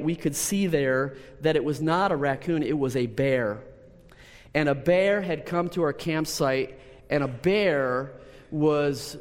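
A man preaching a sermon, telling a personal story with lively repetitions and restarts. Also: a little high. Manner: storytelling, animated, with repeated words and restarts. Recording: long hall reverb.

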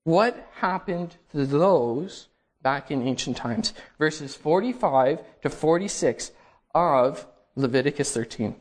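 A man preaching a sermon, reading scripture aloud with slow, emphatic stresses and dramatic rises. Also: fairly high pitch, expressive.

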